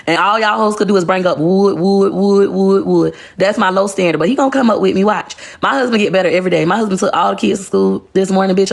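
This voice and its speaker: A woman's voice: medium pitch, creaky. A woman, ranting bluntly and profanely on a phone livestream. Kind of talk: casual rant on a livestream.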